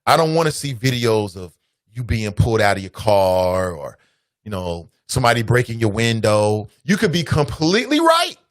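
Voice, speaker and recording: A man with a Cincinnati accent hosts a call-in radio show, delivering a preachy monologue and addressing listeners as family. His voice is fairly low and moderately paced, recorded in studio quality with no room sound.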